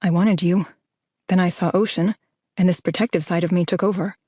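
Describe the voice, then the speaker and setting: A woman doing a wounded, weary young husband in an audiobook, talking quietly and evenly. The low voice is recorded dry, close to the mic. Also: steady tone, fairly quick, breathy edge, no echo. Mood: earnest. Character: young adult husband, injured, tired and wounded. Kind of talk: audiobook character voice.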